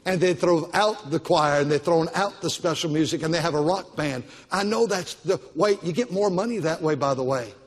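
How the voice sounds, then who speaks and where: High-voiced older pastor preaching in a hall. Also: male voice, normal speed, few pauses. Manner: emphatic, repetitive exhortation. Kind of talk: Baptist sermon. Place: church auditorium. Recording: long church-hall reverb.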